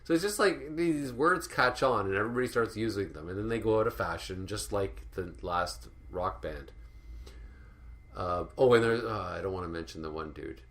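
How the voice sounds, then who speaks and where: Deep-voiced man ranting sardonically. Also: moderate pace, fairly bright tone. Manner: sardonic, profane, rambling with many fillers. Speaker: art commentary vlogger. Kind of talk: ranting monologue.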